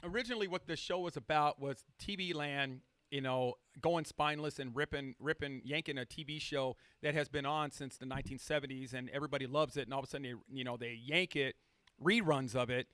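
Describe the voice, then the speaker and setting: A man's voice: medium pitch, brisk, fairly bright tone, no echo. A man co-hosting a casual talk radio show, rambling and repeating himself as he chats. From Southern California. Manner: rambling, repeats himself, talks with his mouth full. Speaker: co-host.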